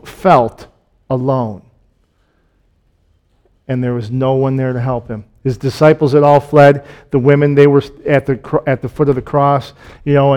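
A man preaching a sermon, reading scripture aloud and explaining it in a conversational way. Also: mid-range voice. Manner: reads scripture aloud, then explains it in plain, conversational asides; drops to a soft, slow hush on solemn points, rises when excited.

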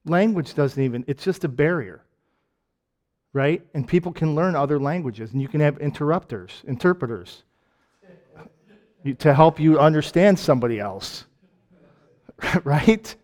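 Michigan preacher, slightly high voice. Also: male voice, animated, measured pace, long pauses, darkish tone. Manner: asks lots of rhetorical questions. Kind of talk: conversational sermon.

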